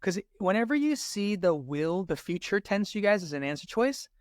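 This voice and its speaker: A man's voice: high voice, very animated, normal speed, no room sound, studio quality. A man tutoring through a test-prep lesson, checking in with "right?" after most points and restarting words as he explains. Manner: says "right?" often, restarts mid-word. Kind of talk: walkthrough lesson.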